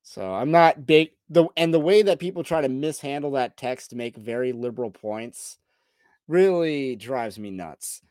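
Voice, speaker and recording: A man's voice: mid-range voice, unhurried, a little mellow, clear, resonant tone, no echo, clean studio sound. A man hosting a podcast who argues with a clip point by point in critical commentary. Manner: rebuts point by point, argumentative. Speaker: podcast host.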